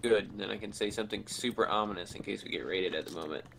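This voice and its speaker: Gamer guy, low gravelly voice, laid-back banter, keyboard clicks behind. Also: fast talker, a bit bright, a little hiss or hum. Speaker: teammate in a multiplayer game. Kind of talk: casual gaming chat.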